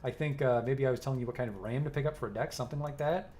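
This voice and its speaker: A man's voice: mid-range voice, rapid-fire, mellow, slight background noise, lightly acted. A man reading aloud the lines of a small, defensive male hacker. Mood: placating. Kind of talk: reading game dialogue aloud.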